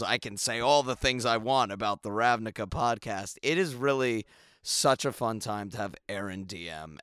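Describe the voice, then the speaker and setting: A man's voice: fairly low pitch, bright, forceful tone, smooth, no room sound, studio quality. A man co-hosting a tabletop gaming podcast, chatting casually and laughing often. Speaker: podcast co-host.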